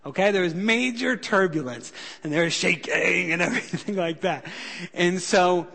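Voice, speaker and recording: A man's voice: high-pitched, normal speed. Man preaching in an echoing church. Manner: animated storytelling, rises loud for emphasis, drops soft when pleading. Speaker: pastor. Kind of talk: sermon. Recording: long hall reverb.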